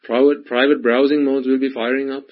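Husky man preaching with repetition. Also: mid-range voice, little pitch movement, brisk. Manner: emphatic, repetitive, addresses the listeners directly. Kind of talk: sermon. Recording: dull lo-fi recording.

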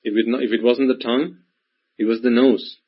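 Husky male Buddhist teacher giving a dharma talk, mid-pitched, many rhetorical questions. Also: steady tone, a little fast. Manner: repetitive, full of rhetorical questions. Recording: dull lo-fi recording.

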